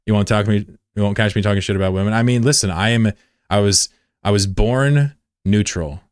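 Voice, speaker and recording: A man streaming live, chatting bluntly and profanely with viewers, swinging between loud outbursts and low mutters. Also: a little fast, clean tone, no echo, clean studio sound. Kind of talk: casual live-stream chat.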